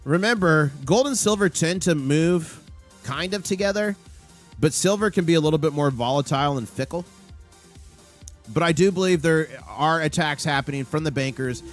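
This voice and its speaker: A man hosting a live stream with market commentary, excitable and rattling off prices and numbers. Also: on the high side, moderate pace, faint music behind. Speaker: livestream host.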